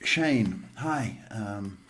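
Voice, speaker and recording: Slow-talking man reading tarot live. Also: on the low side, animated, fairly bright tone, a little hiss or hum. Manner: slow, measured, motivational advice with many ums. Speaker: psychic tarot reader and host.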